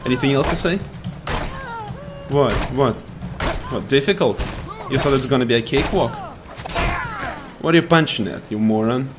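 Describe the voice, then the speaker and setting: A man's voice: mid-range voice, moderate pace, long pauses, over music. Sarcastic man ranting over gameplay. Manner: ranting, sarcastic, taunts enemies. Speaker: gaming YouTuber. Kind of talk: gameplay commentary with rants.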